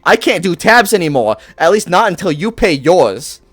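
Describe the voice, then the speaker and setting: A man's voice: high-pitched, big pitch swings, moderate pace, fairly bright tone, no echo, soft background music, heavily acted. A fussy halfling barkeep woman, put on by a man with a Boston accent, rattling off a scolding rant in a slightly raised voice. The sound is close and dry, with no room around it. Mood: demanding.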